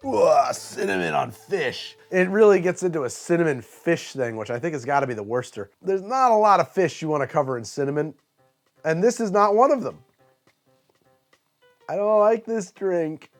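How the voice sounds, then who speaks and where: Male host for a comedic drink-review show, theatrical, very lively pitch, a bit high, faint music under. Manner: theatrical, exaggerated disgust, deadpan asides.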